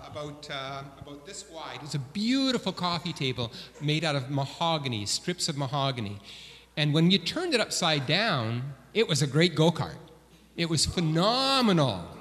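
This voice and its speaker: A man giving a children's message in church, telling gentle stories and asking the children questions. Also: a little high. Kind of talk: children's sermon storytelling. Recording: long hall reverb.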